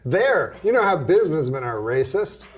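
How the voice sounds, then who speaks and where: A man's voice: a little high, sing-song, normal speed. A man bantering casually as a co-host, laughing and teasing.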